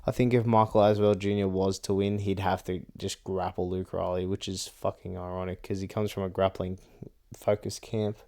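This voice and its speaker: A young man delivers casual fight predictions in a blunt, rambling way, swearing freely and filling his talk with "like" and "bro". His voice sits a little low, smooth and clear. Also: level tone, normal speed, warm tone.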